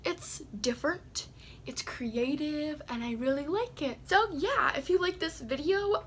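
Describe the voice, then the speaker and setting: A woman with a notably high voice talks the viewer through her makeup step by step. Her tone is chatty and casual, and she pokes gentle fun at herself as she goes. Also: animated, unhurried, slight background noise. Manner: chatty, self-deprecating, talks while doing makeup. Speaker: beauty vlogger. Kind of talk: casual makeup tutorial chat.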